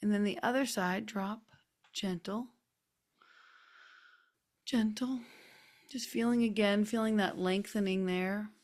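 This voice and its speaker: A woman hosting a group video call, chatty and gently coaxing as she guides a neck stretch with soft, drawn-out cues. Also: medium pitch, steady tone. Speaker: host leading a group session. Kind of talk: casual guided stretching instruction. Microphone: computer mic on a video call.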